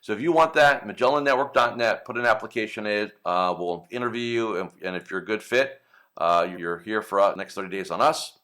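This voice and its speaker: Host, male, low register, casual coaching talk to advisors, tags lines with "right?" and "okay?". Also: fairly quick, pushed and bright. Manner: conversational, frequent "right?" and "okay?" tags, acts out client calls.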